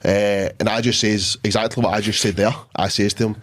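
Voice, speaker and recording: A young Scottish man with a lowish voice chats on a podcast. He swears freely, laughs a lot and tells long stories. His talk is loose and casual. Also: little pitch movement, a little fast. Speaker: podcast co-host. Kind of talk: casual chat.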